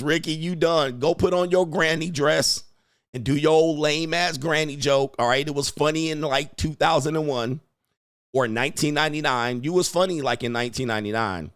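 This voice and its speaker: Male host, AAVE, mocking trash talk, slightly high voice, dry sound. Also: moderate pace, a bit bright, clear, resonant tone, no echo. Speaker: show host. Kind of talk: casual commentary monologue.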